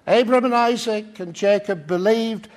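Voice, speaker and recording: A man's voice: sits high, measured pace. An older man from Ireland preaching a sermon, explaining scripture and telling stories with quoted dialogue.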